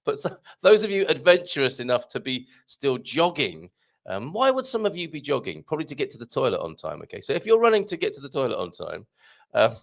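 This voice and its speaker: Chatty, jokey man with a lively pitch. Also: gravelly. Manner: chatty and jokey, with self-deprecating asides and quick laughs. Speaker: host of a live show. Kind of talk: casual live-stream chat reading viewer comments.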